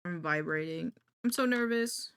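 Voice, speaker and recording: A woman's voice: fairly low pitch, animated, moderate pace, a bit bright, clean tone. A woman streamer chatting casually to her viewers, thinking aloud in a jittery, self-deprecating way while she works. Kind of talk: casual live-stream chat.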